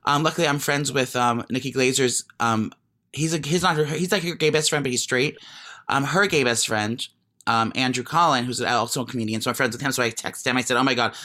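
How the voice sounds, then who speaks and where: A man's voice: mid-range voice, a little fast, pushed and bright. A man co-hosting a podcast, telling a story in casual chat, rambling with many restarts and giggles. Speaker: podcast co-host.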